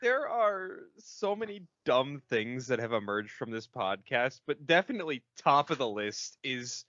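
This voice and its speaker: A podcast co-host rants in an animated way, the pitch jumping a lot, with frequent swearing. The audio is dull and lo-fi, typical of a home podcast. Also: a little slow. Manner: animated and profane, ranting. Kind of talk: casual chat.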